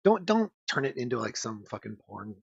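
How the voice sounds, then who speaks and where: A man's voice: mid-range voice, big pitch swings, normal speed, vocal fry. A man on a casual podcast, rambling in crude banter with lots of fillers and swearing. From United States. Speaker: podcast co-host. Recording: dull lo-fi dry sound.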